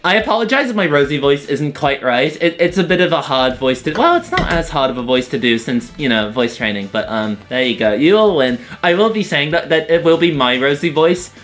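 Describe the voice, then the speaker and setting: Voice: mid-range voice, very animated, fairly quick, hardly any pauses, fairly bright tone, soft background music. A streamer giving giggly, chatty live commentary. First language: not American.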